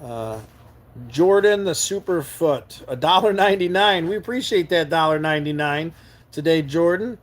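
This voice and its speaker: A man from New York State hosts a live stream from his camper van, reading and answering viewer comments. His voice sits a little higher than most men's, and he speaks sincerely and earnestly. He often stumbles over and repeats words as he reaches for them. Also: animated, moderate pace.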